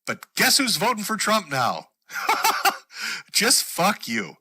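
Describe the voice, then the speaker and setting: A man ranting on his own show, his voice very bright and cutting with a slightly raised pitch. He swears freely and slips into mockery as he builds up steam. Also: wildly swooping pitch, a little slow, husky. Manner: heated, sweary, mocking. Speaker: show host. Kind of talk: profane political rant monologue.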